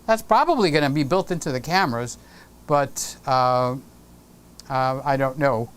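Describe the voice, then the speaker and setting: A man's voice: medium pitch, measured pace, clear, resonant tone. A man hosting a casual live stream from his home studio, playfully teasing viewers and greeting them by name.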